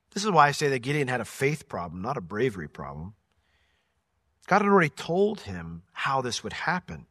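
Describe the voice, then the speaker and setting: A man's voice: mid-range voice, a bit bright, no room sound, clean studio sound. A man teaching through a Bible passage verse by verse, conversational and emphatic, explaining word meanings.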